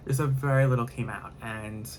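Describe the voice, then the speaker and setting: Man, casual vlog storytelling, candid, rambling, graphic, mid pitch, faint background noise. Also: steady tone, normal speed, darkish tone.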